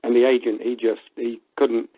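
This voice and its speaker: A man with a mid-range voice calls in to a talk show and retells a story in a lively way. He chuckles and acts out the quotes as he goes. His voice comes through a narrow, tinny phone line. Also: medium pitch, moderate pace, husky. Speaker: caller. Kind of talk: casual storytelling on a call-in show.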